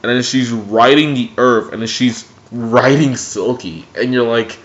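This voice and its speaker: A young man ranting casually about TV cartoons in a dim room at home, animated and profane. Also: mid-range voice, a little slow, few pauses. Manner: animated, profane, jumps between mocking impressions. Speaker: video blogger. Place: dimly lit room at home. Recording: dull, lo-fi home recording.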